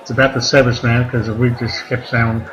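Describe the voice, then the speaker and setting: A man performing a stand-up comedy set, rambling between deadpan one-liners and crude asides. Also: mid-range voice, moderate pace, lo-fi sound. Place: comedy club stage. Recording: live club recording with crowd noise. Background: audience laughter and room noise.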